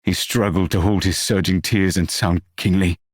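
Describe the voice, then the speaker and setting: A man narrating an audiobook novel in a measured, expressive reading. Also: sits low, dry recording, studio quality.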